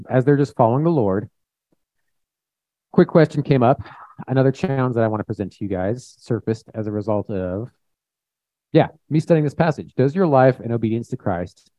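A man's voice: mid-range voice, mellow, dry recording. A young man giving a plain-spoken, conversational sermon, reading scripture and acting out quotes. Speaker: preacher. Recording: dull, muffled recording.

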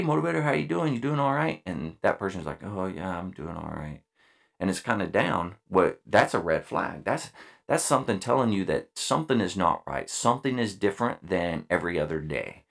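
A man's voice: sits low, creaky. A middle-aged man, a senior enlisted leader, gives an earnest leadership talk, repeating key phrases and using frequent fillers.

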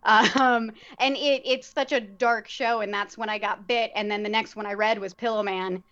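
A woman, a theater director and actor, talking casually and thoughtfully as a guest, pausing often to find her words. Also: mid-range voice, fairly even intonation, fairly bright tone. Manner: reflective, searching for words with many fillers. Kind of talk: casual conversation. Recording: dull lo-fi sound.

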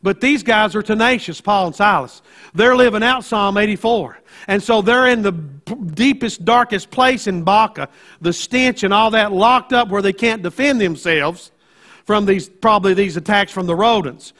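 A male pastor preaching a sermon, moving from conversational teaching into loud, emphatic preaching. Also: high-pitched, normal speed.

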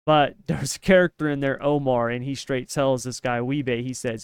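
A man's voice: medium pitch, normal speed, hardly any pauses, smooth, dry recording. A man co-hosting a podcast in casual opinion chat, emphatic and ranting, often tagging his points with "right?". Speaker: podcast co-host.

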